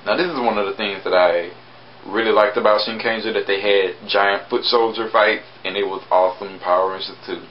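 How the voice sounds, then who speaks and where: A man casually reviewing a TV episode, chatty with sarcastic asides and sudden jumps in pitch. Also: steady tone, fairly quick, muffled recording, a little hiss or hum.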